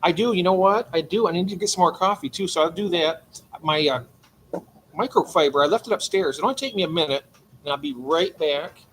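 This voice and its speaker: An older man hosts a late-night livestream from his aquarium room. His voice sits a touch high, and he chats in a friendly way, greeting viewers by name. A faint hum of room noise runs under the talk. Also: a little fast. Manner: chatty, greets chat members warmly by name. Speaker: livestream host.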